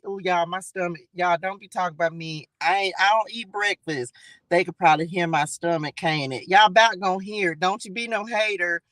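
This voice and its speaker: Excitable woman hosting a morning livestream. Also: medium pitch, a little fast, dry recording. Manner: excitable, repeats greetings and calls to the audience. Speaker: host of a spiritual morning livestream. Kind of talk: casual livestream chat.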